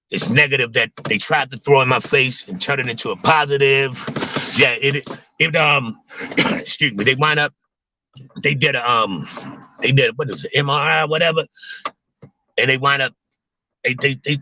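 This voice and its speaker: A young adult man chatting casually to his viewers, rambling in loose slang and filling every pause with "man" and "you know what I'm saying.". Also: medium pitch, pushed and bright, a little hiss or hum, rough recording. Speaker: vlogger talking to viewers. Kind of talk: casual livestream chat.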